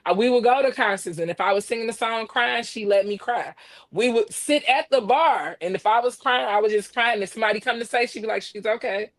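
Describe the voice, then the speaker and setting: A woman talking as a podcast guest in casual conversation, halting and heartfelt, often repeating her words as she speaks. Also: a little high. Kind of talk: casual conversation about grief.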